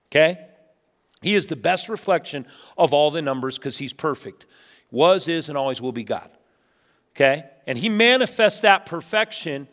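A male pastor preaching a sermon, telling funny stories and swinging between loud bursts and hushed asides. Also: on the high side. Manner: animated storytelling with humor, swinging from loud to hushed. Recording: long reverb of a large hall.

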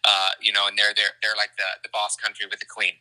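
A man from Canada talks about his books in loose, excited conversation. His voice is very bright and forward, and he keeps restarting sentences through a stream of fillers. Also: lowish voice, quick pace, rough recording. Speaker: children's book author. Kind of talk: casual conversation.

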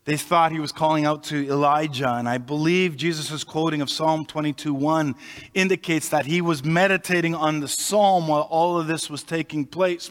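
Pastor preaching in a reverberant hall. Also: male voice, on the high side, fairly bright tone. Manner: explanatory, conversational preaching with pauses. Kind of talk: sermon. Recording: long reverb of a large hall.

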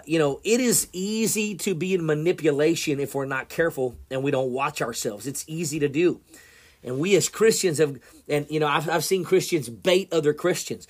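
A man preaching an informal sermon, talking casually with many fillers, repeated words and restarts. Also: fairly high pitch. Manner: conversational and repetitive, with frequent fillers and restarts.

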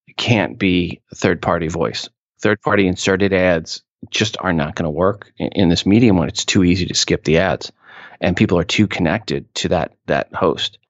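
A man talking as an expert guest in an interview, explaining with emphatic asides and quick restarts. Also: deep voice, dry recording, highs cut off. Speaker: podcast industry expert guest. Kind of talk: conversational interview answers.

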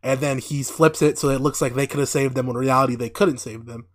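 Animated, foul-mouthed man recapping a show. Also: mid-range voice, fast talker. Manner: animated, laughing, heavy swearing. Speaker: podcast co-host. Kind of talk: casual profane recap chat.

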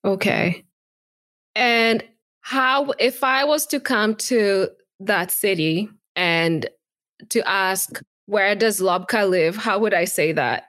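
A woman's voice: mid-range voice, slow, fairly bright tone. A woman hosting a casual interview, asking curious questions and laughing easily.

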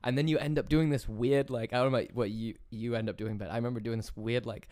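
A man's voice: mid-range voice, steady tone, quick pace, a little mellow, no echo, studio quality. A man chatting casually and easily, tossing in words like dude and man. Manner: laid-back and chatty, says dude and man. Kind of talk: casual conversation.

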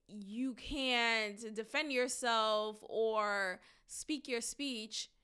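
A woman hosting a solo commentary podcast, talking in an emphatic, drawn-out, deliberate way. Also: on the high side, sharp tone, clear, resonant tone. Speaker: podcast host.

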